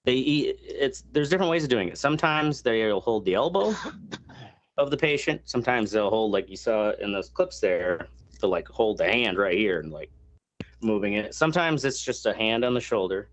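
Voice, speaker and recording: A man's voice: fairly low pitch, animated, moderate pace. A man hosting a casual podcast chat, explaining a topic at length with many fillers and crude asides. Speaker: podcast host.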